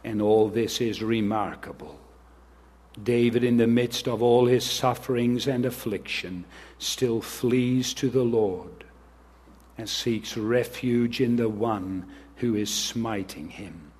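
A man's voice: mid-range voice, slow pace, a little mellow, husky. A man preaching an earnest sermon as pastor, reading scripture and speaking directly to the children.

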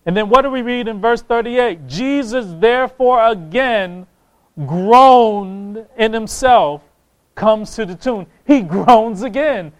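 A man's voice: extremely high pitch, a little slow, few pauses, low-quality recording. A man preaching a sermon, impassioned, reading scripture aloud and repeating phrases for emphasis.

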